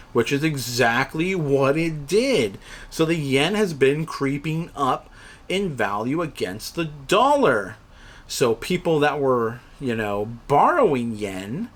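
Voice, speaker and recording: A man's voice: medium pitch, a bit bright, breathy edge. A middle-aged man explaining a market sell-off in a rambling, casual way, full of fillers and restarts, acting out the traders he quotes. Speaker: reseller channel host.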